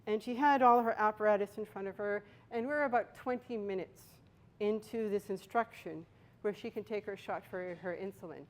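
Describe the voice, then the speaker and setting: Bostonian woman giving a speech. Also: mid-range voice. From Boston, USA. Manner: storytelling, emphatic pauses. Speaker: Toastmasters speaker. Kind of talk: prepared speech.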